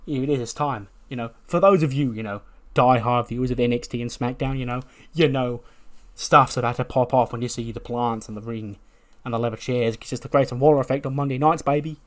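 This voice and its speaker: Cocky loudmouth wrestler guy hosting a talk segment, a guy putting it on, keeps saying lad. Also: mid-range voice, steady tone, a little fast, close to an everyday voice. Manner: cocky, calls people lad, stumbles over words. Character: boastful brash male wrestling talk-show host.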